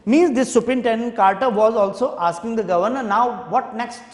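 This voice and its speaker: High-voiced teacher in an echoey room. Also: male voice, fairly quick. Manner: explains each word in simple terms, then goes back to reading. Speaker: English teacher. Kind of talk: reading a story aloud and explaining it. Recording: echoey room with long reverb.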